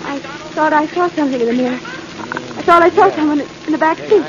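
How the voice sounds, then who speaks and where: A woman's voice: sits high, a little fast. A woman playing a frightened wife in 1940s radio acting who is haunted by a mysterious stranger, and her voice is tense and fearful. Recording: dull old radio recording with hiss.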